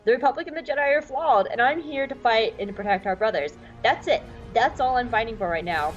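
A blunt, defiant young soldier, as a woman puts him on in a casual podcast recap. The voice is fairly high, with soft music underneath. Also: fairly quick, highs cut off, close to an everyday voice.

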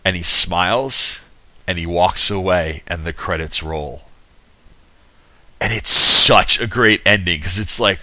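A man's voice: low voice, slow pace, dry recording. A man giving a casual, rambling film recap with many restarts and asides. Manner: animated retelling with acted-out quotes. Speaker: film reviewer.

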